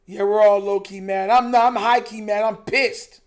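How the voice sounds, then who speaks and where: A man's voice: sits high, fairly even intonation, moderate pace. A young man hosting a live stream, reacting to a football game in casual, frustrated, emphatic chat. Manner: frustrated, emphatic, repeats himself, says "bro" a lot.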